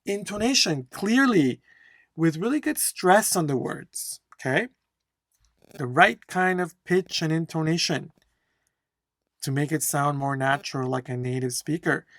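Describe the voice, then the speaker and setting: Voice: medium pitch, animated, fairly bright tone, no room sound, studio quality. A speaking test instructor teaching a lesson, stressing key words and often checking in with "okay?". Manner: slow, emphatic, keeps checking in with "okay?".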